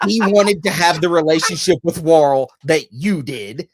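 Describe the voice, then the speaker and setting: A man's voice: on the high side, lively intonation, dry recording, clean studio sound. A man co-hosting a podcast, telling stories and reading out lists at an easy pace in casual chat. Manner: laid-back storyteller, reads lists slowly. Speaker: podcast co-host.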